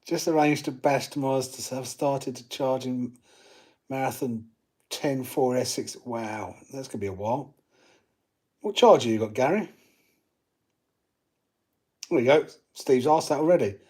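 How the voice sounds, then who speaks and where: A man's voice: mid-range voice, measured pace, pauses often, darkish tone, slightly rough. A man hosting a live stream, casually chatting and reading out viewer comments while he works on his gear. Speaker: channel host.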